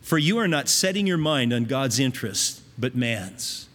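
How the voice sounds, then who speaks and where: A man voicing a calm, authoritative male teacher who rebukes a follower in a firm, lowered, measured way. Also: in a large hall.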